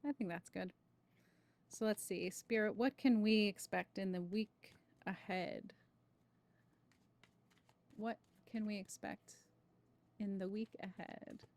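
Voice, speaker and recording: A woman's voice: mid-range voice, fairly even intonation, slow pace, long pauses. A woman hosting a spiritual livestream, talking casually about creativity and greeting viewers by name before a tarot reading. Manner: chatty, greets viewers warmly by name, many "right?" asides.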